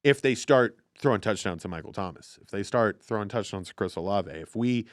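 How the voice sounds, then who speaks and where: A man hosting a casual football podcast, talking in an excitable, profane, animated way. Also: mid-range voice, dry recording, studio quality. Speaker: podcast host. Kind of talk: casual sports chat.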